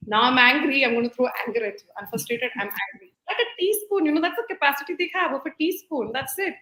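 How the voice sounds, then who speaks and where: Talking fast with few pauses, a high-voiced woman who works as a life skills coach gives earnest parenting advice in a live-streamed video-call interview. Animated, she acts out quoted voices and repeats key phrases, and the poor audio is reverberant.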